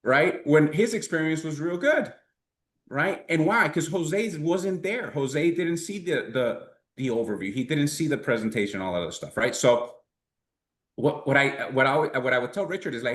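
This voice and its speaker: Guy coaching a sales team, animated, keeps saying right?, acts out little dialogues, roomy echo. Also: on the high side, normal speed. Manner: animated, checks in with constant "right?". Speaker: financial sales trainer. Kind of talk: conversational training talk. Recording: echoey room.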